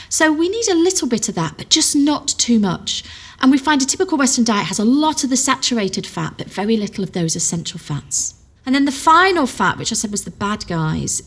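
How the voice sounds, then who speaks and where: A woman, a nutritional therapist, talks through dietary fats in a clear, explanatory way. She draws on homely everyday examples, and her voice sits at an ordinary middle pitch. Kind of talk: explanatory talk.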